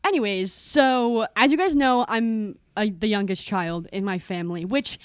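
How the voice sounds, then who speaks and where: A woman's voice: mid-range voice, moderate pace, clean tone, dry recording, clean studio sound. A woman in her twenties co-hosting a podcast, telling stories in casual chat and acting out the voices of the people in them. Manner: animated storyteller, acts out quotes. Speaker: podcast co-host.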